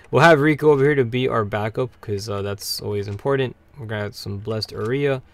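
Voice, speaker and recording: A man hosting a weekly gaming livestream, sleepy and yawning, rambling between bursts of excitement. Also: on the low side, creaky. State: tired, yawning. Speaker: livestream host. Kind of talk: gameplay livestream commentary.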